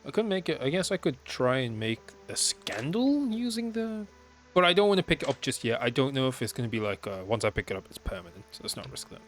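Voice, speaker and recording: A man's voice: mid-range voice, big pitch swings, quick pace, soft background music. A man giving casual gameplay commentary, thinking aloud and hesitating as he weighs his choices. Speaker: game player.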